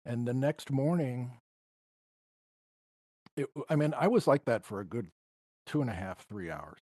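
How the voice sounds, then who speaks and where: A man's voice: mid-range voice, animated, unhurried, darkish tone, husky, no echo. A man appears as a guest musician in a podcast interview. He tells personal stories in a reflective, emotional way. The recording is dry and close. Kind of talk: storytelling interview.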